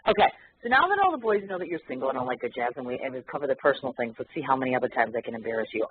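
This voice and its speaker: A man's voice: mid-range voice, very animated, rapid-fire, few pauses, husky. A man hosting an interview in a playful, teasing, chatty way. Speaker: interview host. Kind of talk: casual chat. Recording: tinny phone line, faint noise.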